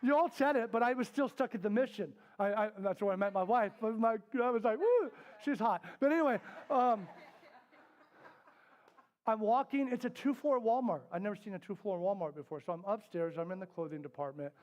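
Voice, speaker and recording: A middle-aged man teaching a parenting workshop, talking candidly to a live group. He tells stories, acts out the voices in them and drops to a soft, quiet tone for serious points. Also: sits high, a little fast. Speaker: parenting class instructor. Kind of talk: storytelling workshop talk. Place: indoor classroom with a live group.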